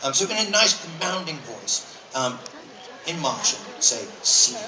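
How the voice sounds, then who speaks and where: Stage hypnotist, male, high and bouncy voice, teasing crowd-work, caught far off over a loud echoey fair crowd. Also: lively intonation, normal speed. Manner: playful, teasing showman. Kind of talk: live comedy stage show. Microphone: audience camera from a distance. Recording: distant echoey outdoor crowd recording.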